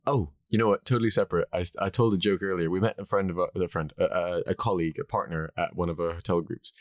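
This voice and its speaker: A man co-hosting a podcast in casual chat, jokey and quick to interrupt himself. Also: sits low, fairly even intonation, no room sound, studio quality. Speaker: podcast co-host.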